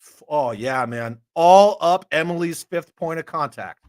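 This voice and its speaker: A man's voice: a little high, animated, measured pace, a little mellow, no echo. A man hosting a toy collecting live stream, chatting casually, joking and swearing while he reads comments. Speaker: army veteran.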